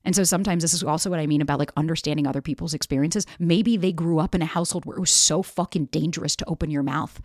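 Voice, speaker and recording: A woman's voice: deep voice, rapid-fire, few pauses, a little mellow, dry recording, clean studio sound. A woman hosting a podcast, talking frankly and emphatically and swearing freely. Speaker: podcast host and dating coach. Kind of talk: candid podcast monologue.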